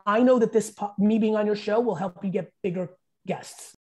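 A man's voice: sits high, moderate pace, mellow, husky. A man in his fifties, a podcast guest, telling profane, emphatic stories in casual chat and acting out what people said. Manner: profane, emphatic storyteller who acts out quotes.

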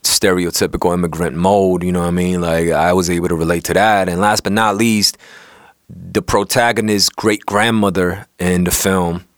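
A young man with a deep, low voice and a New York City accent talks in a casual, slangy way, full of street talk and bursts of animation. The sound is close and dry with no room around it. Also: steady tone, moderate pace, no room sound. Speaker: co-host. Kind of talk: casual chat.

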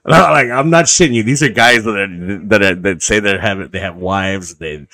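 A man hosting a casual podcast chat, his voice deeper and rougher from acid reflux, rambling and swearing with many restarts. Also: normal speed, bright, forceful tone, no room sound. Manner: rambling and profane, with frequent restarts. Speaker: podcast host.

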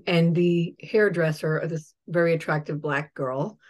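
A woman hosting a podcast, chatting casually and telling a lively anecdote to her guest. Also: lowish voice, takes it slowly. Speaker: podcast host. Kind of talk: casual chat, storytelling.

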